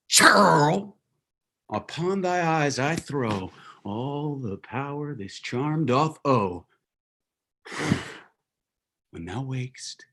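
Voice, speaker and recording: A mischievous sprite, played by an actor, creeps through the lines slowly and breathily. The voice often sinks into whispers. The speech is Shakespeare verse, read over a video call. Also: mid-range voice, pushed and bright, full character voice. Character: mischievous sprite servant of the fairy king.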